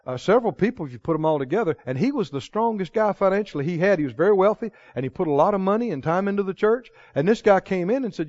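A man preaching a sermon, chuckling often and swinging from hushed storytelling to loud proclaiming. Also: high-pitched, lively intonation, quick pace, no room sound. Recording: dull lo-fi recording.

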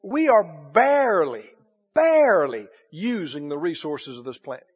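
A man preaching a sermon emphatically, repeating phrases and rising into shouts. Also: a little high, very animated, normal speed, husky. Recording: dull lo-fi recording.

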